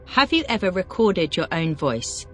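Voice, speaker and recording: A teacher runs a language drill, reading out single vocabulary words and then firing brisk questions. The voice sits at a middle pitch, its intonation swings widely, and faint music plays underneath. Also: big pitch swings, fairly bright tone. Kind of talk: scripted question-and-answer drill.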